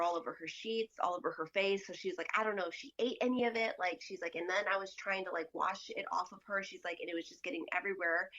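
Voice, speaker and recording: A woman's voice: lowish voice, bright, forceful tone, muffled recording. A woman speaking as a podcast guest in casual storytelling, chatty and full of fillers, acting out other people's lines as she goes. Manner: chatty, acts out quoted dialogue with lots of fillers.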